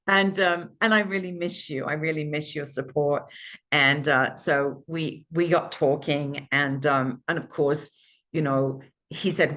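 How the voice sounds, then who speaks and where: A woman's voice: sits low, unhurried, fairly bright tone. A woman hosting her own podcast, telling a candid, emotional personal story with frequent restarts and asides. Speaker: podcast host.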